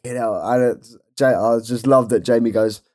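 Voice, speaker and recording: A man co-hosting a casual podcast, telling a funny story in an excitable, loud way and laughing often. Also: mid-range voice, moderate pace. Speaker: podcast co-host.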